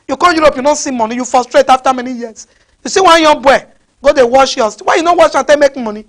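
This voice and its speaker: A woman's voice: high-pitched, fast talker. A woman with a Nigerian accent preaching a fiery sermon, scolding her listeners with repeated rhetorical questions.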